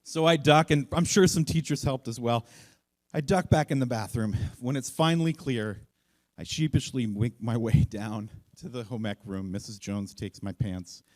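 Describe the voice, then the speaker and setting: A man telling a funny personal story on stage at a live event, self-mocking and acting out the voices in it. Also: normal speed. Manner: animated, self-mocking, acts out voices with big jumps in pitch.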